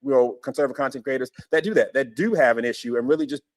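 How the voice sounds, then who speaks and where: A man's voice: medium pitch, racing. A man hosting a podcast in casual commentary, emphatic and repeating his phrases. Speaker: podcast host.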